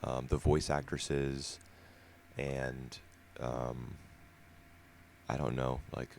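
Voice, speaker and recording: A man with a remarkably deep, low voice talks through his views at an easy pace. He co-hosts a casual podcast discussion and explains things at length in a relaxed way. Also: extremely slow, creaky, a little hiss or hum. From United States. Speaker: podcast co-host.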